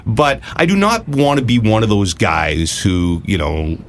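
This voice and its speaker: A man hosting a podcast, telling lively anecdotes in casual chat and acting out what people said. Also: on the low side, measured pace, a little hiss or hum. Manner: animated storyteller, acts out quotes. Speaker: podcast host.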